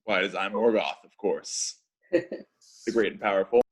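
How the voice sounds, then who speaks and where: A man's voice: fairly low pitch, normal speed, slightly rough. A man voicing a pompous young lad who speaks with grand, self-important airs. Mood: grandiose.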